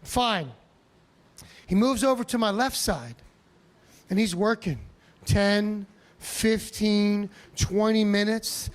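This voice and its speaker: A male stand-up comedian telling a story on a comedy club stage, animated, profane and self-mocking. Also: high-pitched, slow.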